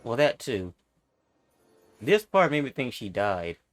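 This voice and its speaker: A man's voice: medium pitch, takes it slowly. A man hosting a gaming channel, joking and talking back to characters while he plays. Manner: animated, joking, talks back to the game. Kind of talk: casual let's-play commentary. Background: game music.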